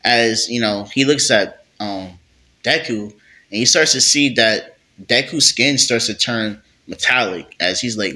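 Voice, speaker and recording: A man's voice: mid-range voice, measured pace, pushed and bright. A young man rambling through an improvised fan story, with lots of fillers.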